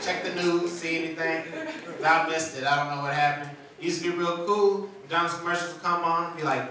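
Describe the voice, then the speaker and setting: A man doing a stand-up comedy set, telling stories in an animated, laughing way with voiced impressions, on a small studio stage. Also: fairly high pitch, a little fast. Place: small TV studio with a live audience. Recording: echoey room from far off with a loud crowd.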